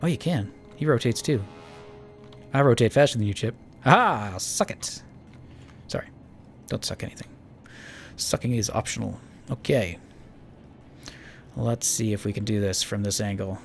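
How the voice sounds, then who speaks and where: A man's voice: lowish voice, moderate pace, creaky, long pauses, a little mellow, soft background music. A man giving casual, rambling let's-play commentary while playing a space building game, joking at his own expense. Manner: chatty, rambling, self-mocking. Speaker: gaming channel host.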